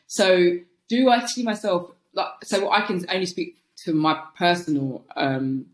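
A woman's voice: fairly low pitch, expressive, measured pace, roomy sound. A woman from England with a London accent, talking thoughtfully as a podcast guest, often restarting her sentences as she thinks aloud. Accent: London English. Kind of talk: casual interview chat.

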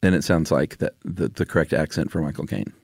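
Give me a deep-voiced man chatting and laughing on a podcast. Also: fairly even intonation, brisk, a little mellow, breathy edge, no room sound, studio quality. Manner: laid-back, laughs often, teasing. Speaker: podcast co-host. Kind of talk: casual chat.

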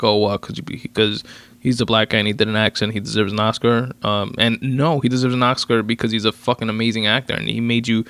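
Low gravelly-voiced man, rambling podcast rant. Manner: profane, rambling, many fillers and restarts. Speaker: podcast host. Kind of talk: casual solo podcast rant.

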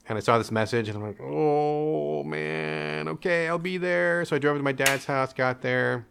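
A young man telling a candid personal story in an interview, animated, acting out his parents' voices and laughing often. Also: mid-range voice, a little slow, vocal fry, clean tone. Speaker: interview guest.

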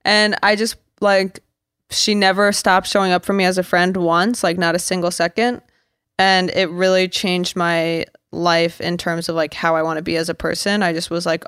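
A young woman co-hosting a chatty podcast, her voice smooth and resonant. She talks in a playful, jokey way, with a dry close sound and no room around her. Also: fairly low pitch, flat delivery, fairly bright tone, no room sound. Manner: playful, jokey, quick to act out silly voices. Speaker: podcast co-host. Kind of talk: casual chat.

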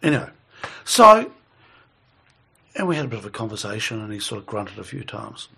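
This is a middle-aged man, sharing a long anecdote in relaxed chat. His voice is gravelly and slightly husky, and he laughs softly as he talks, with plenty of restarts. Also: lowish voice, a little fast. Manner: rambling, chuckles while telling stories. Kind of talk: casual storytelling chat.

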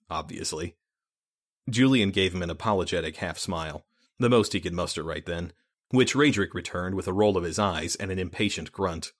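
A man narrating a fantasy audiobook in a steady, measured reading voice. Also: low-pitched.

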